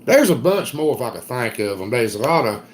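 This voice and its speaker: A middle-aged man with an Eastern North Carolina Southern accent, chatting casually on a livestream in a folksy, drawn-out storytelling way. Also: medium pitch, big pitch swings. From Southern United States. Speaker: livestream host. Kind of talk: casual live chat reading comments.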